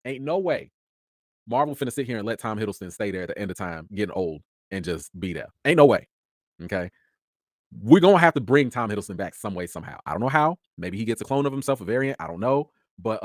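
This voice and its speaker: A young man, chatting casually as host of a review show, his energy swinging between excitement and tired mumbling. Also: medium pitch, no room sound, clean studio sound.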